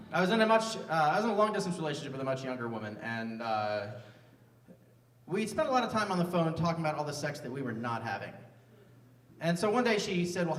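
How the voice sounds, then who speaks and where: A man in his fifties doing stand-up in a live music venue, teasing himself and trading jabs with the audience. His voice sits a little high for a man. It comes through a stage mic and sounds roomy and distant, with a faint murmur of the hall behind it. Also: fairly bright tone. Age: 50s. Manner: self-mocking, banters with the crowd. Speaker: stand-up comedian.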